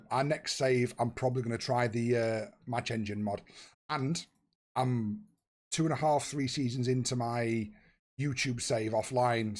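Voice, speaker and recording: Husky man chatting to viewers. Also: medium pitch. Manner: swears freely, chats with viewers while playing. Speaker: streamer. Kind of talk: casual live-stream chat.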